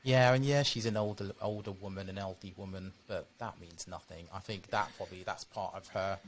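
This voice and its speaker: A man's voice: low-pitched, fairly even intonation, brisk. A man co-hosting a podcast in casual chat, conversational and fond of tag questions. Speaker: podcast co-host.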